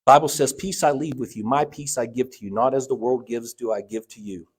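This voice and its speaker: A church elder, speaking fairly quickly in a husky voice, tells a personal story as part of his sermon. He acts out the dialogue with sudden jumps and drops in pitch and volume, and the setting is a church sanctuary.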